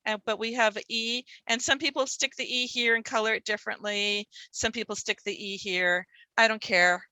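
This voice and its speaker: A woman leads a workshop for reading teachers, stretching out sounds and syllables as she demonstrates. Her voice is bright and a little high. The recording is dry and close, with no room echo. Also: fairly even intonation. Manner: demonstrative, sounds out words slowly. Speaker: literacy teacher trainer. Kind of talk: workshop presentation.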